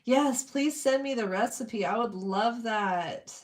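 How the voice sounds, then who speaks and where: Slow, chatty woman streamer. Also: fairly high pitch. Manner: chatty, reads and greets the chat while drawing. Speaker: streamer drawing requests. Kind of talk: casual live-stream chat.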